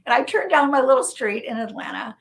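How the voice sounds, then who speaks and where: Middle-aged woman, interview guest, lively storyteller, repeats phrases for emphasis, slightly high voice. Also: fairly quick, vocal fry. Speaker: interview guest, journalist and novelist.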